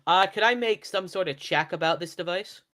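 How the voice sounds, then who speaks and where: A man's voice: high voice, brisk, crowd noise. Eager man chatting at a game table. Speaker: player. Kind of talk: casual chat at a game table.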